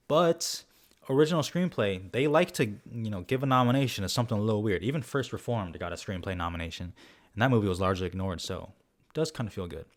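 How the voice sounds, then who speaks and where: A young man giving a casual, animated rundown of his film award predictions, swearing now and then and joking at his own expense. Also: lowish voice. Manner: casual, animated, swears, self-mocking asides. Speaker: film vlogger.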